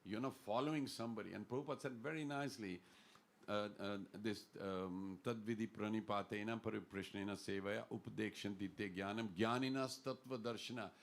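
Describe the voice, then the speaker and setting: A man's voice: lowish voice, fairly quick, creaky. A man giving an earnest, informal devotional talk in a temple class, telling stories and quoting Sanskrit verses. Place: temple hall.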